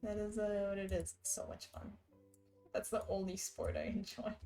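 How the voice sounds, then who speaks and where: A woman's voice: mid-range voice, steady tone, moderate pace, dark tone, faint music behind. A woman streamer talking casually with her chat, laughing often and reading messages aloud. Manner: giggly, chatty, reads chat aloud.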